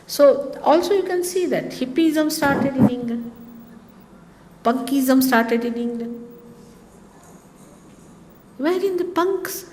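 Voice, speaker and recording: A woman's voice: high-pitched, slow, long pauses, darkish tone, long reverb tail, a little hiss or hum. A woman from India with an Indian accent, a spiritual teacher giving a chatty talk to her followers, full of anecdotes and wry asides. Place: large hotel hall.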